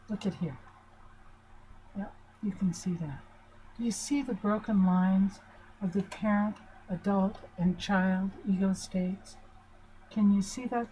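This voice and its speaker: An older woman talks slowly and gently in a chatty teaching manner, checking in with her listeners as she goes. Her voice is mellow and soft-edged. Faint background hiss sits under her voice. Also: mid-range voice, poor audio. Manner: chatty and reassuring, asks her listeners questions. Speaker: family relationship teacher. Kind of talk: informal talk at a whiteboard.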